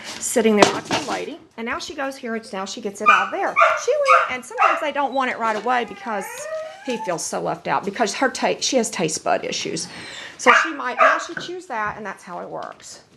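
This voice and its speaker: A woman's voice: fairly high pitch, sing-song, a little fast, gravelly, heavy background noise. A woman filming her dogs at home on a handheld camera, chatting in a rambling way between firm commands to them. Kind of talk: casual home video narration. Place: at home, indoors.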